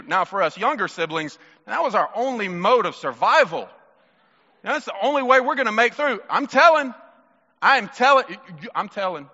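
Male preacher, animated and joking with the crowd, slightly dull hall sound. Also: sits high. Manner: animated, playful, talks to the crowd. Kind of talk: sermon.

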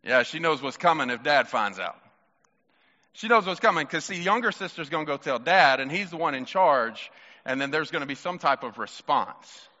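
A man preaching a sermon in an animated, playful way, talking with the congregation. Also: on the high side, normal speed, in a large hall, muffled recording. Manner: animated, playful, talks to the crowd.

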